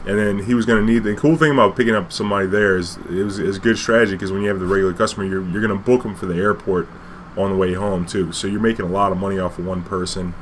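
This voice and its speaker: A man tells a loose, rambling story about his cab days, packed with "you know" and casual swearing. His voice sits fairly low. A faint air conditioning hum runs underneath. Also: fairly even intonation, very fast. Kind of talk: casual spoken anecdote.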